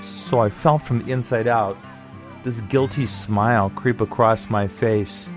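A middle-aged man tells a personal story from his childhood in a relaxed, conversational way. His delivery is wry and nostalgic, in an ordinary mid-range voice. Faint guitar music plays underneath. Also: mid-range voice, a little slow.

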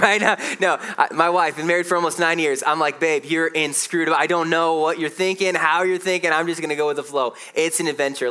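A man in his thirties preaching a sermon as pastor, conversational and animated, telling stories with quick asides. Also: on the high side.

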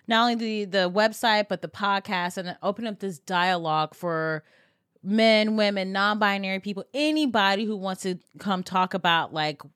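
A woman's voice: mid-range voice, normal speed, fairly bright tone, clear, resonant tone, dry recording, clean studio sound. A young adult woman hosting a casual podcast chat, giggly and playful, joking around and laughing often. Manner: giggly, playful, jokes in silly put-on accents. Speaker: podcast host.

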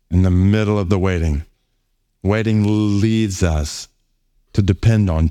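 Earnest preaching man, slow emphatic phrasing. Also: on the low side, mellow. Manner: reads scripture aloud between points. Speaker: pastor. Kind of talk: sermon.

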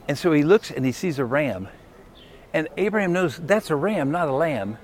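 Folksy preacher man, slightly high voice. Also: lively intonation, normal speed, a little hiss or hum. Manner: folksy, emphatic, asks the congregation questions. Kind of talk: sermon.

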